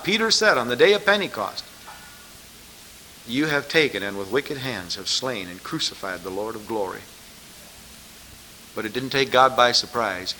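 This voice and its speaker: A man's voice: on the high side, bright, forceful tone, slight background noise. A man preaching a sermon, pressing his listeners with emphatic rhetorical questions.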